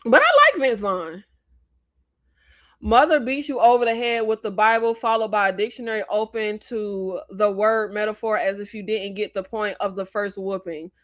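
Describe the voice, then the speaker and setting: A woman from the American South chatting casually on a movie livestream, talkative and quick to laugh and apologize. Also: mid-range voice, animated, a bit bright.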